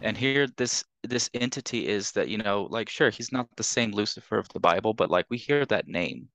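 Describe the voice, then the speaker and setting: Podcast co-host, male, low voice, earnest and emotional, dry close-miked sound. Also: lively intonation, normal speed, a bit bright, no echo, highs cut off. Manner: earnest, emotional, urging listeners. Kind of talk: casual podcast conversation.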